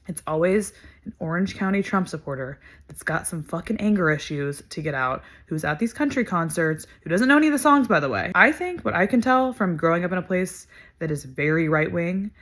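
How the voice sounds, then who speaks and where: A young adult woman vlogger telling a story to camera in a casual, emphatic way, swearing freely and using lots of fillers. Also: lowish voice.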